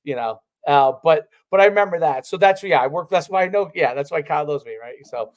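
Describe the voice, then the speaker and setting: A former player reminisces on a casual podcast. His voice sits slightly high, and he rambles, stacking fillers and restarting his sentences. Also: expressive, brisk. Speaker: podcast co-host, former college football player.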